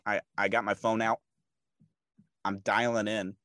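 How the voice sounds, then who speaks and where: Low-voiced excited sports podcast man. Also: measured pace, no room sound. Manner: emphatic, repetitive, fired up. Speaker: podcast co-host. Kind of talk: casual sports chat.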